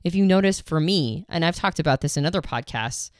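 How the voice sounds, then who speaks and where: A woman co-hosting a podcast, explaining ideas in a measured, analytical way, mostly even in tone with some inflection. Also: low voice, smooth, dry recording, studio quality. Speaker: podcast co-host.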